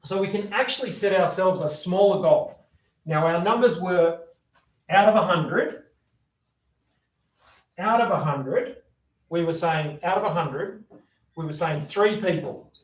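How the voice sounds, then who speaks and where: A man giving a sales training talk, energetic, acting out sample phone calls as he explains. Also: high-pitched, measured pace, long pauses. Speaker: sales coach. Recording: roomy echo.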